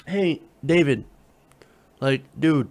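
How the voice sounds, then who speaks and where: A man's voice: a little high, takes it slowly, darkish tone. A man hosting political commentary, reading an op-ed aloud and mocking it with sarcasm, profanity and laughter.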